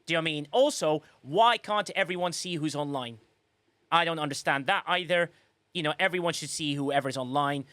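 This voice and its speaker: A man with a somewhat high voice hosts a relaxed livestream podcast and reads viewers' comments aloud. He rambles and restarts himself, with teasing sarcasm. The sound is close and dry, with no room echo. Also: fairly quick. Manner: chatty, rambling, with frequent restarts and sarcastic asides. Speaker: podcast host. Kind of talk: casual livestream chat reading viewer comments.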